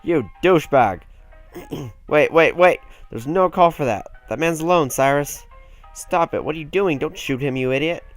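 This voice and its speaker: A man voicing a flustered young woman heroine in a game, shouting frantically. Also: medium pitch, sing-song, a little fast, gravelly, faint music behind, voice pushed up. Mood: panicked.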